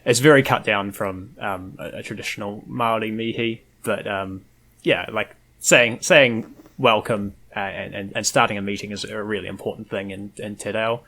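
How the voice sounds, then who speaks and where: A man's voice: on the low side, steady tone, normal speed, bright, forceful tone, a little hiss or hum. A man hosting a casual podcast, talking with lots of fillers and restarts. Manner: hesitant, many fillers and restarts. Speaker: podcast host.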